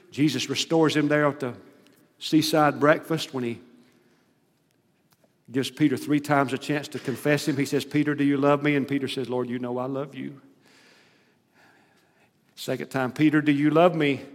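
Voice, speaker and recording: A man preaching a sermon, retelling scripture with dramatic, rising emphasis. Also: medium pitch. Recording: long hall reverb.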